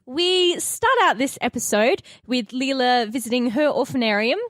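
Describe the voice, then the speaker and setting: Giggly young woman podcasting, high voice that bounces around a lot, dry sound. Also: lively intonation, moderate pace, a bit bright, dry recording. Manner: giggly, playful. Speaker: podcast co-host. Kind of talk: casual chat.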